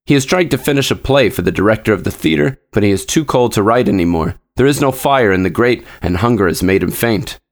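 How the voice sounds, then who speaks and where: A man reading aloud voices a gentle, sorrowful statue prince in a fairy tale, speaking slowly and solemnly. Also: fairly low pitch, expressive.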